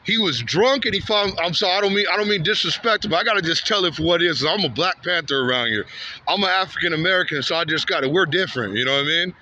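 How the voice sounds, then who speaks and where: A man vlogging on foot down a Santa Ana, California street talks fast in a high-sitting, pushed, bright voice, with a little hiss or hum in the audio. His storytelling rambles, repeats, and gets heated, and "man" or "bro" lands at the end of many lines.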